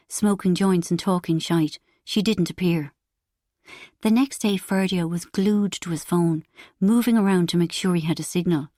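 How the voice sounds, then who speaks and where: A woman reading a novel aloud as an audiobook narrator, in an even storytelling manner. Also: medium pitch, no echo, studio quality.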